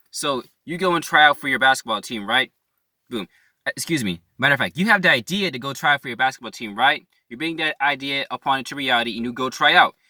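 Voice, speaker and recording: A man's voice: medium pitch, bright, forceful tone, dry recording. A young man giving a casual motivational talk, earnest and slangy, repeating his points and asking "right?" as he goes. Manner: slangy, calls listeners "bro". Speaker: motivational YouTuber.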